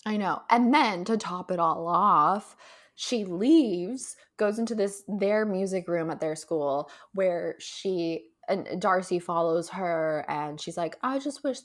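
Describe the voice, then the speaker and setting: Female podcast co-host, twenties, casual and animated recap, swears, mimics characters' lines. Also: fairly low pitch, takes it slowly. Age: 20s.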